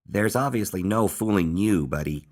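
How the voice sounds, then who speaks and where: A man's voice: deep voice, animated, normal speed, darkish tone, pitched above the performer's own voice. A man voicing a playful male hedgehog who pretends to be a pirate captain, talking in a bold, theatrical way. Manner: bold, theatrical, bellowing orders.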